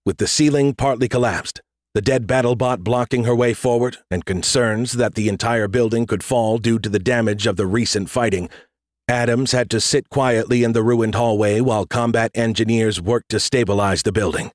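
A man's voice: medium pitch, fairly even intonation, normal speed, no room sound. Man narrating an action audiobook, dry. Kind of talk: scripted narration.

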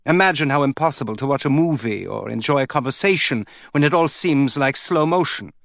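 A man's voice: mid-range voice, expressive, fairly quick, gravelly, fairly bright tone, no echo, clean studio sound. A man reading an audiobook, voicing a scornful man who lectures with contempt. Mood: lecturing. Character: scornful man, harsh institute head.

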